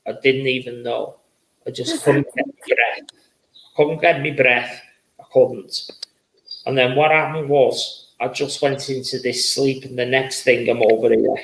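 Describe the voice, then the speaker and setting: A man's voice: mid-range voice, unhurried, vocal fry, fairly bright tone, echoey room, poor audio. A man hosting a live-streamed spirit reading as a psychic medium, chatty and effusive, often repeating his words.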